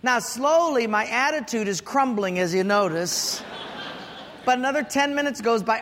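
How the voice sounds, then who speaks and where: A man preaching a sermon as pastor, telling stories in an animated, humorous way. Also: extremely high pitch, normal speed, long reverb tail, slight background noise.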